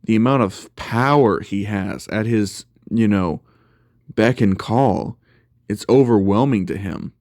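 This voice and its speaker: A man's voice: lowish voice, takes it slowly, darkish tone, dry recording, clean studio sound. A man casually telling a fan story aloud, with many fillers and restarts.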